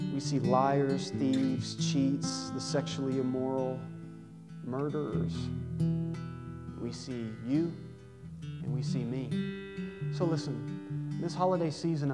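A pastor telling a story in a sermon, getting lively when he quotes the people in it. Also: mid-range voice. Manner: animated retelling, voices rises for quoted lines.

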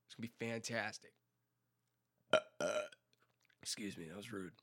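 A man's voice: fairly low pitch, normal speed, long pauses, a bit bright. A man in his mid twenties hosting a solo podcast, telling rambling stories in a laid-back way, swearing freely and laughing at himself. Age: mid 20s. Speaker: podcast host. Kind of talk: casual solo podcast storytelling.

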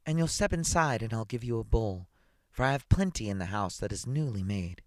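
A man voicing a brisk, matter-of-fact woman of the town in a storybook reading. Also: lowish voice, lively intonation, no room sound, studio quality. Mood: hospitable. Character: brisk, practical townswoman, porridge maker.

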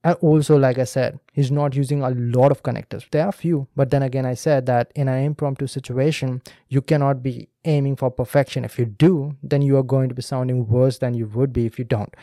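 A man's voice: mid-range voice, normal speed, mellow, no echo, studio quality. A man, a podcast host and speaking coach talking listeners through a video clip in a teacherly way, speaking to them directly. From India. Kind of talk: explanatory commentary on a video clip.

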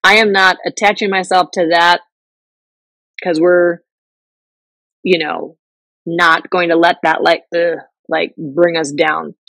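A woman's voice: on the low side, flat delivery, takes it slowly, gravelly, long pauses, a bit bright, no room sound, low-quality recording. A middle-aged woman hosting a podcast, talking openly and casually about her life, full of fillers and restarts. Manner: candid, chatty, many fillers and restarts. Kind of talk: casual personal talk.

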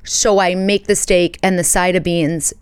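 A woman's voice: lowish voice, fairly even intonation, measured pace, smooth, no room sound. A woman in her thirties from the United States hosting a podcast, chatting casually and telling stories with playful asides. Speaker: podcast host. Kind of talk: casual chat.

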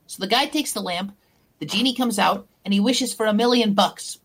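A woman telling crude jokes in a casual, deadpan storytelling way. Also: mid-range voice, moderate pace, husky. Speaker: guest.

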